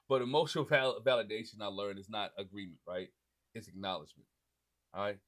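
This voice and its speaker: A man's voice: fairly low pitch, a little fast, a bit bright. A man in his forties hosting a casual, faith-based advice talk for husbands, often checking in with "right?" and restarting his sentences. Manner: conversational, frequent "right?" tags and restarts. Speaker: podcast host speaking to husbands.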